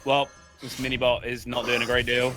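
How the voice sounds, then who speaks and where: A man's voice: medium pitch, flat delivery, fairly quick, over music. A man co-casting a card game match, dry and wry in his banter. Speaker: esports co-caster. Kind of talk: live game commentary.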